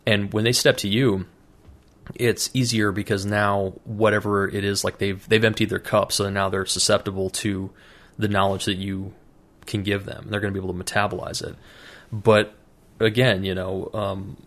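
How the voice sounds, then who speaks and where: Fields: Sex: male. Role: co-host. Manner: profane, animated storyteller. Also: on the low side, normal speed. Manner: profane storyteller acting out quoted voices. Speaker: podcast co-host. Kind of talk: casual podcast chat.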